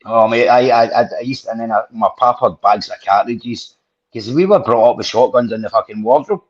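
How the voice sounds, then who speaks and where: A man's voice: mid-range voice, a little fast. A man hosting a podcast, telling rambling, sweary stories with plenty of restarts. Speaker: podcast host. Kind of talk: casual storytelling chat. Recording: dull lo-fi podcast audio.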